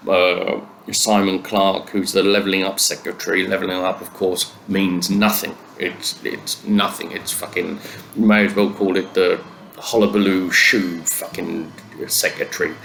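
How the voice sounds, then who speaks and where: Low-ish gravelly comedian guy, swears a lot, sardonic, ums and uhs all over. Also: a bit bright, slight background noise. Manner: sweary, sardonic ranting with many fillers. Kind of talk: comedic news commentary.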